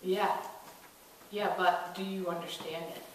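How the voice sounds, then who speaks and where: A woman's voice: lowish voice, steady tone, unhurried, a little hiss or hum. Woman preaching in an echoey church. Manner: storytelling, acting out quoted voices, rising to emphatic calls. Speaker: pastor. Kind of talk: sermon. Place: church sanctuary. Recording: echoey church from a distant mic.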